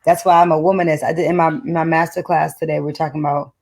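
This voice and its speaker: A woman's voice: deep voice, little pitch movement, fast talker, vocal fry, darkish tone. A middle-aged woman from Detroit reads poetry with a rhythmic, emphatic spoken-word delivery. Between poems she talks easily as a guest of an online book club. She is heard through a video call. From Detroit, United States. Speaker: poet, guest author.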